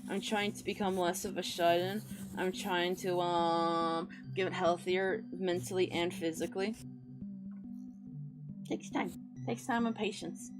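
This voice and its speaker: A woman's voice: lowish voice, steady tone, a little slow, over music. A young woman chatting casually with her viewers while drawing, giving rambling, encouraging advice. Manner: encouraging, rambling, with playful sing-song noises. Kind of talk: casual livestream chat.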